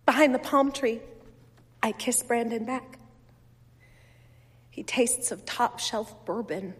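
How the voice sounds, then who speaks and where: Slow, husky woman reading fiction. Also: on the high side, big-room sound. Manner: measured, wistful, softly expressive. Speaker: reader. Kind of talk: first-person literary fiction reading.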